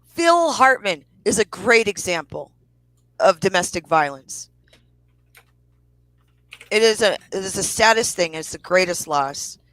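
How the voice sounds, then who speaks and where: A woman's voice: mid-range voice, animated, unhurried, pauses often, a bit bright, no echo, poor audio. A woman co-hosting a podcast, ranting angrily with lots of swearing. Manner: profane, heated ranting. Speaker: co-host. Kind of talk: angry podcast rant.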